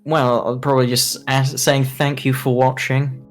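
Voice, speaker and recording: A British man co-hosting a casual gaming podcast, rambling and hesitant, often pausing with fillers. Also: medium pitch, flat delivery, faint music behind. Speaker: podcast co-host. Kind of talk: casual chat.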